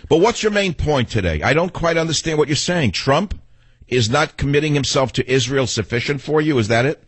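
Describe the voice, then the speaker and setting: A man's voice: fairly high pitch, lively intonation, a little fast, breathy edge, no echo. A middle-aged man hosting a talk radio show, combative and sardonic, rambling between arguing with callers and monologue.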